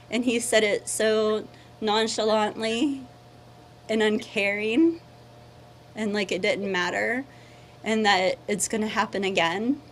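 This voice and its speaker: A woman's voice: medium pitch, slow pace, slight background noise. A woman, a local resident and small business owner, recounting her experience in a recorded interview with heartfelt emotion. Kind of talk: recorded personal testimony.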